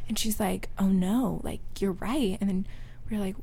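A woman's voice: medium pitch, normal speed, dark tone. A young woman co-hosting a podcast, telling a story in a chatty, giggly way with lots of filler words. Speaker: podcast co-host. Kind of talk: casual storytelling chat.

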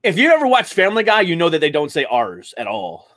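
A woman comedian from New England, chatting casually, animated and cursing freely. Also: deep voice, fast talker. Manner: animated, swears, laughs often. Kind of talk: casual chat.

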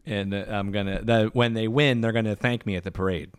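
A man co-hosting a podcast in casual chat, telling jokey stories in an animated way. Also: lowish voice, a little fast, smooth, dry recording, studio quality. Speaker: podcast co-host.

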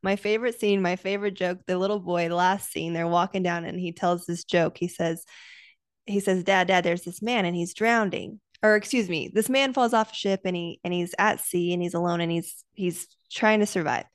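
A woman hosting a podcast, enthusiastic and affirming, retelling a joke with animated delivery. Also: on the low side, moderate pace, clear, resonant tone, no echo, clean studio sound. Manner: enthusiastic, affirming listener, tells jokes animatedly. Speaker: podcast host. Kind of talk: casual conversational chat.

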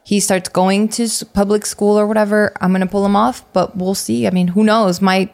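A woman's voice: medium pitch, little pitch movement, normal speed, creaky, a little mellow. Woman podcast co-host, loose everyday talk, curses freely, filler-heavy. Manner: casual, swears freely, many fillers. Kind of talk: casual podcast chat.

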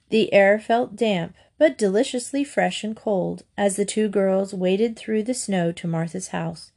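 A woman reading a children's book aloud in a steady, gentle storytelling manner. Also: mid-range voice, a little slow, vocal fry, few pauses. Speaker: reader.

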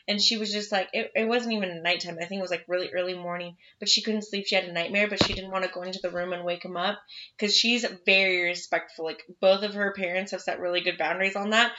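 A young woman chatting casually as a podcast co-host, telling animated stories, swearing freely and laughing often. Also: medium pitch, fast. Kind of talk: casual chat. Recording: dull lo-fi recording.

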